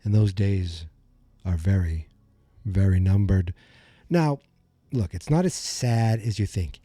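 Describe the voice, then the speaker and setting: A man in his forties hosts a comedic solo podcast. He rambles in a self-deprecating, mock-dramatic way. His voice is low and mellow. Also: slow, no echo. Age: 40s. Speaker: podcast host.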